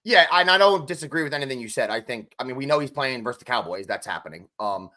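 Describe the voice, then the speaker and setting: A man's voice: mid-range voice, expressive, fast talker, bright, forceful tone. A man co-hosting a casual sports podcast, talking animatedly and often turning to his co-host by name.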